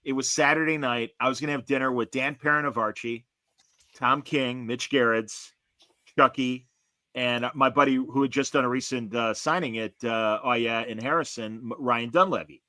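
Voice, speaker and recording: A man co-hosting a podcast, telling a story in casual chat and acting out the other people's lines loudly. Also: mid-range voice, normal speed, no room sound. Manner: animated storyteller, acts out quotes loudly. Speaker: podcast co-host.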